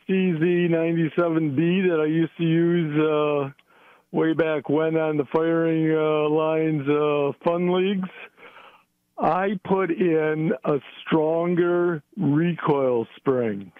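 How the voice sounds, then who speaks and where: A man calling in to a radio show, speaking haltingly with many uhs. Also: fairly high pitch, no room sound. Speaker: radio caller. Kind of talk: phone-in conversation. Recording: tinny phone line.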